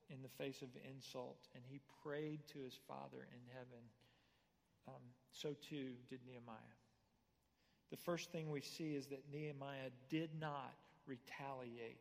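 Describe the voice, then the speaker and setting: A man, a pastor, preaching a sermon in a church sanctuary, telling stories and moving between quiet asides and loud punchlines. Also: medium pitch, fairly even intonation, measured pace, vocal fry, big-room sound.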